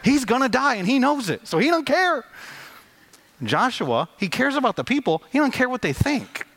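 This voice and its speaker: A man's voice: extremely high pitch, sing-song, normal speed, fairly bright tone. A male pastor preaching a conversational sermon, acting out quotes with lots of energy.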